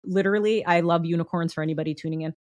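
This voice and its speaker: Host: young American woman, low-ish voice, upbeat and encouraging, close dry recording. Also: fairly even intonation, racing, a little mellow, dry recording. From United States. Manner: upbeat, chatty, encouraging, breaks into laughs. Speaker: podcast host. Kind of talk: solo motivational podcast talk.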